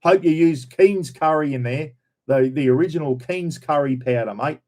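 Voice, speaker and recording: Rambling Australian man with a mellow voice. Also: a little high, moderate pace. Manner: rambling, repeats himself, says "everyone" and "bloody". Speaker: livestream host. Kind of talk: casual live chat reading viewer names.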